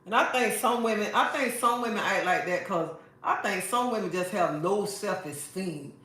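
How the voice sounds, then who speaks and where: A woman's voice: mid-range voice, normal speed, fairly bright tone. Woman, emphatic, preachy, repeats herself, live-stream advice talk, echoey room. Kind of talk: casual advice talk to viewers.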